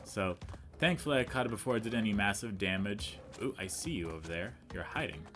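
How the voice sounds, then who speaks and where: Over music, this young let's player tells a rambling story, chatting, poking fun at himself and addressing the game directly while he plays. The voice is lowish and expressive, running a little fast.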